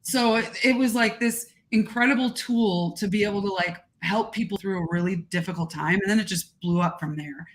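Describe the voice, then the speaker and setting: Chatty expressive woman, guest on a podcast, talks with lots of ups and downs. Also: mid-range voice, brisk, hardly any pauses. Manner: gregarious, animated, expressive talker. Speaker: guest content creator. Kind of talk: casual podcast chat.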